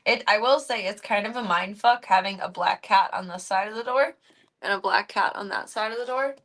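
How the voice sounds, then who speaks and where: A woman streamer chatting casually, rambling from one thought to the next. She slips into cooing baby talk whenever she speaks to her cats. Her voice sits at a middle pitch. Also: fairly quick, fairly bright tone. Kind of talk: casual live-stream chat.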